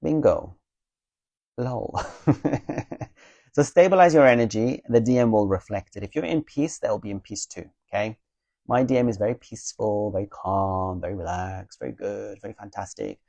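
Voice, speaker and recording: A man with a lowish, mellow voice talks straight to his viewers about spiritual healing. He is earnest and reassuring, often checks in with them, and drops a blunt curse without fuss. The sound is dry and close. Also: normal speed, gravelly, no echo. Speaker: spiritual advice creator. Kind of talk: casual spiritual talk to viewers.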